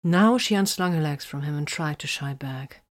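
Low-voiced lady reading a romance story, soft and breathy, almost whispering. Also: animated, moderate pace. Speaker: narrator. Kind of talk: audiobook reading of romantic fiction.

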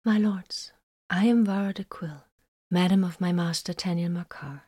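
A woman reading the part of a poised female servant, courteous and soft-spoken. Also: lowish voice, fairly even intonation, moderate pace, husky, no echo. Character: poised adult woman, formal household servant.

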